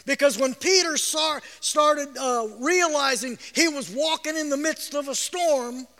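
A man preaches with a very high, bright and forceful voice, tells the story with feeling and breaks into shouts. He often repeats himself and laughs softly. Every word rings with the long reverb of a big church hall. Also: measured pace. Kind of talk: sermon.

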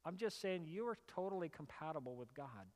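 A man preaching a sermon as a pastor. He tells stories in an animated way and rises to loud, emphatic bursts. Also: fairly high pitch, a little fast. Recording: reverberant hall.

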